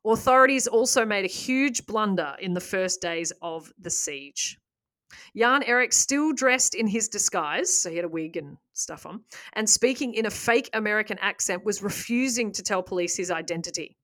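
A woman hosting a casual podcast, retelling a story with lively asides and laughs. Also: medium pitch, normal speed. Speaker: podcast host.

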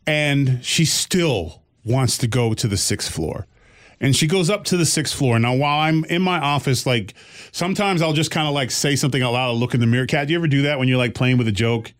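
A middle-aged man, a comedian, telling a story in casual chat and jumping high in pitch when he quotes people. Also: fairly quick. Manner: animated storyteller, jumps high when quoting others. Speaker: comedian and podcast host.

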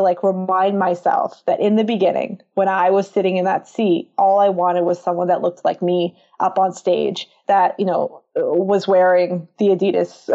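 A woman speaks as a marketing consultant guest on a podcast, her voice mellow and warm. She tells animated stories and voices her own thoughts, and the recording sounds a little dull. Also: medium pitch. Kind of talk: casual conversation.

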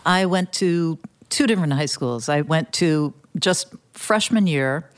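Woman guest on a podcast, real low voice, careful and measured, doesn't want to offend. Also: animated. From United States. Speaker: guest, actress. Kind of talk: interview conversation.

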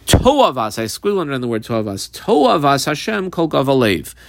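A man's voice: medium pitch, big pitch swings, moderate pace, creaky, no room sound. A man teaching a Talmud class, reading Aramaic phrases and explaining them in English with many fillers.

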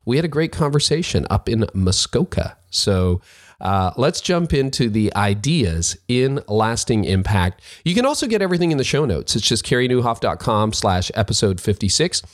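A man's voice: mid-range voice, big pitch swings. A man hosting his podcast, chatty and upbeat, talking about his new book in a casual conversation. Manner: upbeat, chatty, quick asides. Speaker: podcast host and author. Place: office studio at a lakeside retreat.

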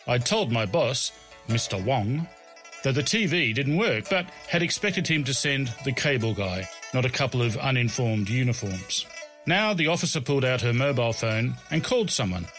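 A man telling his own comic travel story as scripted narration, in a wry, deadpan way. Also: medium pitch.

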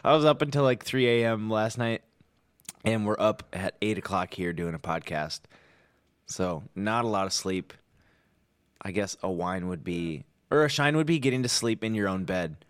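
A man's voice: fairly low pitch, moderate pace, smooth, dry recording. Tired young man on a dry mic. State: tired from little sleep. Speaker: podcast co-host. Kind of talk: casual chat.

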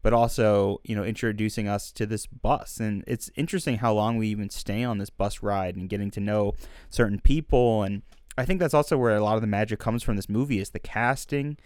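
A man's voice: on the low side, fairly even intonation, a little fast, darkish tone, no echo, studio quality. A young man co-hosting a film podcast, talking in long, thoughtful, winding sentences. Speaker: podcast co-host. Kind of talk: casual film discussion.

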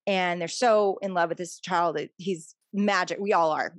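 A woman's voice: fairly low pitch, unhurried, dry recording. A middle-aged woman author talking earnestly and openly as a guest in a conversation. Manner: earnest, confessional, animated when telling stories. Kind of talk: conversational interview.

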